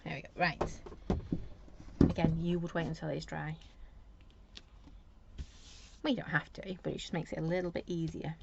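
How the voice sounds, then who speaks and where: A woman's voice: deep voice, level tone, normal speed, gravelly, long pauses, muffled recording, heavy background noise. A woman giving a chatty live craft demo at her desk at home, rambling and talking to herself as she works. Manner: rambling, talks to herself while working. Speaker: craft demonstrator.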